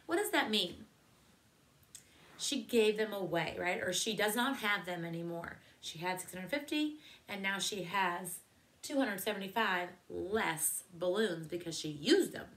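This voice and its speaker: A woman's voice: medium pitch, fairly bright tone. A woman teacher leading a math lesson for second graders, asking many questions in an encouraging way.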